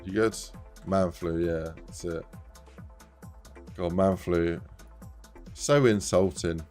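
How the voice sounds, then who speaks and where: A man's voice: low voice, steady tone, slow pace, darkish tone, soft background music. A man in his thirties, casually telling a rambling anecdote on a live stream, laughing often.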